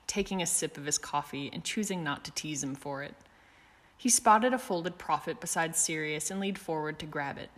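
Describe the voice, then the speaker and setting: A woman narrating a story in a calm, measured reading voice. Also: deep voice, long reverb tail. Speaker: audiobook narrator.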